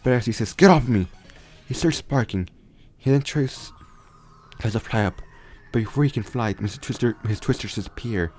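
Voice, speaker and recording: A man's voice: medium pitch, moderate pace, a little mellow, faint music behind. A young man casually retelling a fan story, rambling with frequent restarts and self-corrections.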